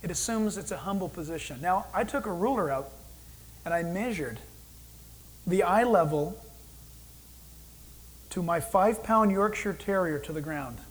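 A man preaching a sermon as pastor, animated, acting out God's voice in quoted asides. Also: sits high, moderate pace, pauses often, poor audio.

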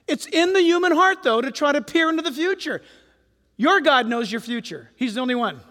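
A man preaching a sermon as pastor in a church, animated and firing rhetorical questions at his congregation. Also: very high-pitched, brisk. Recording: long hall reverb.

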